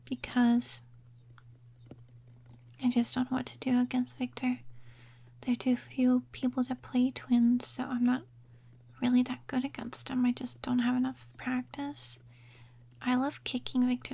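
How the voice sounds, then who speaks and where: A woman talking softly and in a half-whisper as she ranks game characters in a relaxed ASMR chat, trailing off and restarting her thoughts. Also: sits high, vocal fry, slightly rough. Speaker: ASMR gaming creator. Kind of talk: soft-spoken ASMR chat. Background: quiet rain sounds.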